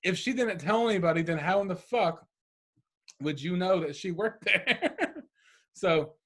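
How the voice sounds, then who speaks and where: A man co-hosting a podcast in casual chat, chiming in on a story with halting restarts. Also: high voice, expressive, a bit bright, husky. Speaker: podcast co-host.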